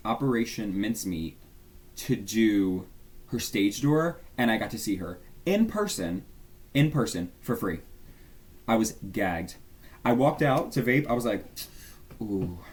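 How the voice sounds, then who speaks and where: A man's voice: on the low side, a little mellow. A young man chatting casually as a YouTuber, gushing and rambling about his favourites. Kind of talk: casual fan tier-list chat.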